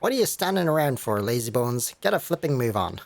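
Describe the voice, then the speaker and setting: A man's voice: mid-range voice, big pitch swings, fairly quick, creaky, slight background noise. Man doing a brash cheeky fairy sidekick. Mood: bossy. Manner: brash slangy banter.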